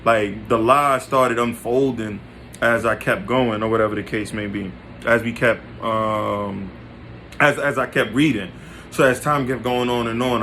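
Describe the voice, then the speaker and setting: A man's voice: mid-range voice, fairly bright tone, a little hiss or hum. A man telling a confessional personal story to his listeners, in casual, slang-heavy talk full of restarts and direct asides. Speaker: podcast storyteller.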